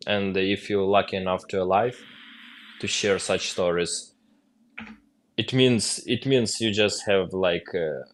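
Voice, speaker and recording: A man talks as a guest in a casual chat. His voice is among the deepest and he speaks slowly. He halts often while he searches for his words. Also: slight background noise. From Ukraine.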